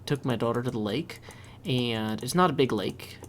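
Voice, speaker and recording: A man's voice: medium pitch, moderate pace, slight background noise. Chatty man narrating his gameplay. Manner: chatty, upbeat, thinking aloud as he plays. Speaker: let's play host. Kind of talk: casual gameplay commentary.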